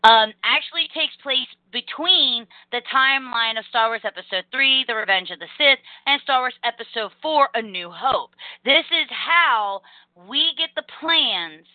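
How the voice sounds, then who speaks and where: A young adult woman hosting a casual podcast, talking in fast energetic rambles and acting out quotes. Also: fairly high pitch, no echo. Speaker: podcast host. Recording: tinny phone-line call audio.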